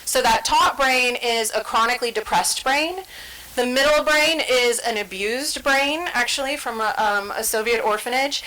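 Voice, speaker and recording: A woman's voice: fairly high pitch, normal speed, bright, forceful tone, low-quality recording. A woman giving an educational talk, explaining ideas conversationally and acting out everyday scenes with quoted inner voices. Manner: conversational, checks in with "right?". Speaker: trainer presenting on stress and the brain.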